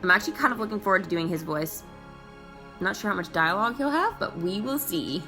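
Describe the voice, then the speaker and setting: A woman hosting a mobile game video, giving bubbly, excitable, chatty gameplay commentary. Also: mid-range voice, a little fast, music in the background.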